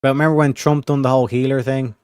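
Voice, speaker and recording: A man's voice: medium pitch, little pitch movement, fast talker, a little mellow, smooth, no room sound. Rambling man streaming, dry close sound. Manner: rambling, chatty, swears freely, lots of "like". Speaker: livestream host. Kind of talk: casual livestream chat.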